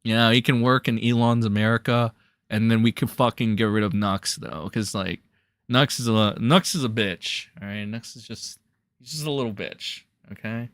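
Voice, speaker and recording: A young man streaming, ranting angrily and profanely, mocking others in sarcastic high voices. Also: moderate pace, fairly bright tone, dry recording, studio quality. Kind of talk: angry rant reacting to clips.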